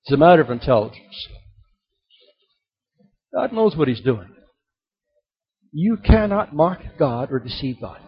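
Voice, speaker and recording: A man preaching a sermon, telling stories and swinging between loud emphasis and soft, quiet drops. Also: on the high side, big pitch swings, measured pace, pauses often, breathy edge. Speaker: pastor. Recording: dull lo-fi recording.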